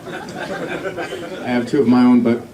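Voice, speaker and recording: A man's voice: medium pitch, slow, far from the mic. A middle-aged man doing a stand-up comedy set, telling a family story and acting out the voices of the people in it. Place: comedy club stage before a laughing audience. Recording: roomy live club recording with crowd laughter.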